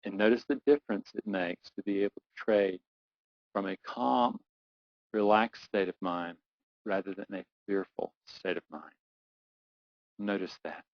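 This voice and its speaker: A middle-aged man, a performance coach, leading a guided visualization exercise, talking slowly and soothingly, repeating phrases and building up to urgency. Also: low-pitched, fairly even intonation, no echo. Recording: dull lo-fi dry recording.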